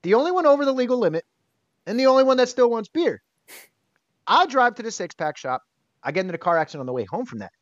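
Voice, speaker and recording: A man being interviewed, telling a personal story in a candid, animated way and swearing casually. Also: extremely high pitch, very fast, no room sound. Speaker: interview guest. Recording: dull, dry sound.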